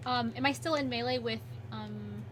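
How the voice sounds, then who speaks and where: A woman's voice: on the high side, fairly even intonation, moderate pace, a crowd in the background. A woman playing a tabletop role-playing game, chatty and hesitant, with many fillers while she decides her moves. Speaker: player.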